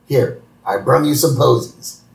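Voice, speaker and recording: A man voicing a gruff, lovesick middle-aged male bartender who rambles nervously. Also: medium pitch, a little slow. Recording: roomy, distant mic.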